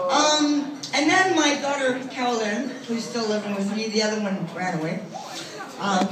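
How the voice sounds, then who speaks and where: Captured on a phone from the audience, a middle-aged woman performs a crude, self-mocking stand-up set on a comedy club stage. Her high-pitched voice comes across distant and echoey, with crowd noise and laughter behind her.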